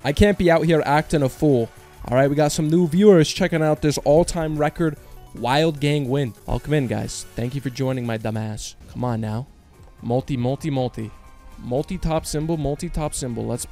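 A man giving casual slot gameplay commentary, joking in slang, swearing a lot and breaking into high yells on big wins. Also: fairly even intonation, normal speed, soft background music. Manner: slangy and joking, talks to viewers as bro and partner. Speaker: slot streamer.

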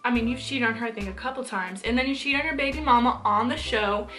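A woman's voice: a little high, fast, fairly bright tone. A young woman giving her opinions in a casual commentary vlog, chatty and full of fillers. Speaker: vlogger.

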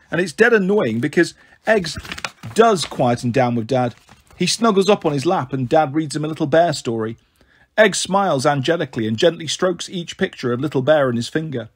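Husky man reading a novel aloud. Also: on the high side, expressive, normal speed. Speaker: audiobook reader. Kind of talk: first-person novel reading.

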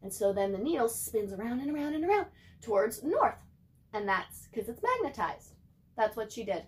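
A young woman, a teacher, reading a chapter book aloud to her class with animated, chatty asides to her students. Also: medium pitch, normal speed.

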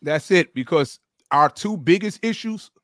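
A man's voice: a little high, expressive, measured pace, fairly bright tone, no room sound. A man hosting a casual sports podcast, talking picks in an enthusiastic, conversational way. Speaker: podcast host.

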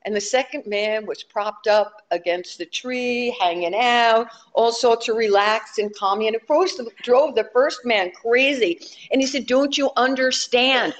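A woman minister delivering a sermon with a slightly high-pitched voice. She talks conversationally, with light humor aimed at her congregation. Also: measured pace.

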